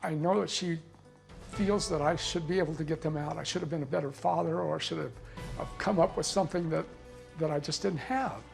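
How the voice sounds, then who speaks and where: Gravelly hesitant middle-aged father. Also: a little high, brisk, soft background music. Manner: hesitant, repeats himself, soft-spoken. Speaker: talk show guest, father. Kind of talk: emotional confession.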